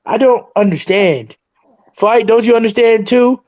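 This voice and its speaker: A man's voice: sits high, a little slow, a little mellow, no echo. A man on a livestream panel, talking in an indignant way with stumbling restarts. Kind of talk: casual talk. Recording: dull, dry lo-fi audio.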